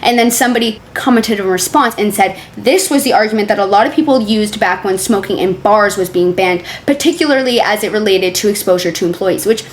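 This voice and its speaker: A woman's voice: medium pitch, a little fast, hardly any pauses, slight background noise. A young woman streamer reacting to forum posts, reading them aloud in a casual, sarcastic way that is full of laughter and swearing. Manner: chatty, sarcastic, swears freely, laughs often.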